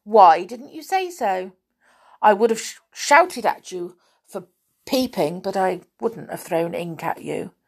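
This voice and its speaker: A woman voicing a hot-tempered little male pixie who rants and shouts in a storybook reading. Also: mid-range voice, lively intonation, slow pace, husky, heavily acted. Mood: ashamed. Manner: shouting, ranting.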